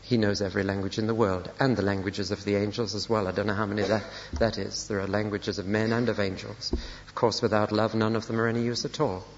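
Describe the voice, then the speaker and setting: A man's voice: on the low side, little pitch movement, fast talker, hardly any pauses, a little hiss or hum. An older man, a pastor preaching a sermon, telling personal stories with dry, self-deprecating humor. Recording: lo-fi recording in a reverberant church hall.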